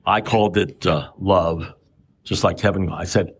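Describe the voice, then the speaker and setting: A man's voice: sits low, a little slow, husky. A man telling his story at a recovery meeting, rambling and self-mocking with dry humor. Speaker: AA speaker sharing his story.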